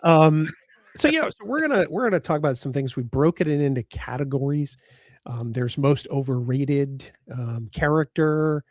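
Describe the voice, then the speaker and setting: A man's voice: a little high, animated, moderate pace, darkish tone, dry recording, clean studio sound. A man co-hosting a live fan show in casual chat, greeting viewers in the chat and joking around. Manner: chatty, reads out chat names, joking. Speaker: podcast co-host.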